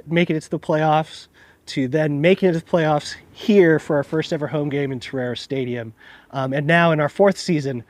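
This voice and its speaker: A man, a club owner, giving a measured, prepared public statement. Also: on the high side, dry recording. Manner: measured, formal. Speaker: club owner making an announcement.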